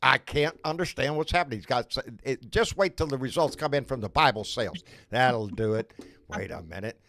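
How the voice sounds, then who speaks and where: A man's voice: medium pitch, a little fast, fairly bright tone, slight background noise. An older man co-hosting a livestream, chatting casually and swearing freely with apologetic asides. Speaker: livestream co-host. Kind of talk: casual political chat.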